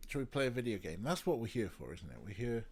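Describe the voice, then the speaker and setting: A man's voice: mid-range voice, very animated, fast, darkish tone, husky. A man with a stuffy, snotty nose, chatting casually on a live stream, teasing and cooing at his pet between remarks to his chat.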